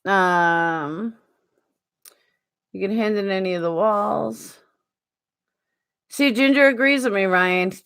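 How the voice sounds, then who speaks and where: A woman's voice: mid-range voice, slow pace, long pauses, fairly bright tone, clear, resonant tone. A woman with a New York accent chatting casually on a live stream, answering viewers by name.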